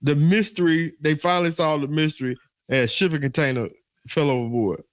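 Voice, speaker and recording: A man's voice: a little high, fairly quick, no room sound, clean studio sound. A man co-hosting a comedy podcast, telling stories in loose, profane casual chat. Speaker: podcast co-host.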